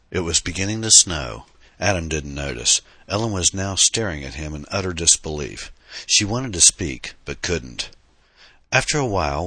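A man narrates a science fiction audiobook in a steady storytelling manner. His voice is extremely low yet bright and forward in tone. The recording is dry and close to the mic. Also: normal speed, dry recording. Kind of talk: scripted narration.

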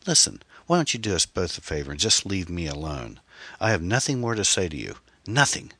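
A man voicing a bitter, angry woman on the phone, snapping and scornful, with shrill outbursts. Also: big pitch swings, brisk, pushed and bright, breathy edge, no room sound, exaggerated voice. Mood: furious.

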